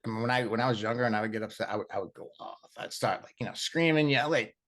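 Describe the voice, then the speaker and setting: A man's voice: medium pitch, fast. Man talking loosely with lots of fillers. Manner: rambling and animated, heavy on fillers and acted-out quotes. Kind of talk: casual chat.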